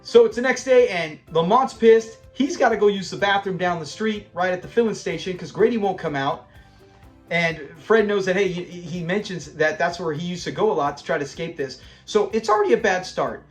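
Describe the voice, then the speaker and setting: Animated man retelling a sitcom episode. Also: high voice, a little fast, faint music behind. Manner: animated, retells scenes with quoted lines. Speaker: TV episode reviewer. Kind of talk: casual episode review.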